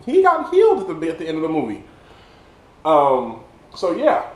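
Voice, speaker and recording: A man, a little drunk, reviewing a movie in a casual monologue, excited and rambling, stumbling over words and restarting often. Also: a little high, normal speed, reverberant, low-quality recording. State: tipsy.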